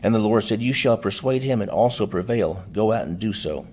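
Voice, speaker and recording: A man's voice: fairly low pitch, expressive, a little fast, a little mellow, breathy edge. A man preaching a sermon, reading scripture aloud with frequent restarts and adding plain-spoken asides. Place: church.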